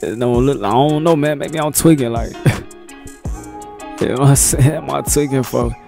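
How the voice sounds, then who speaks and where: A man's voice: medium pitch, measured pace, creaky, mellow, soft background music. A man hosting a casual reaction video, talking in a laid-back, slangy way and laughing often.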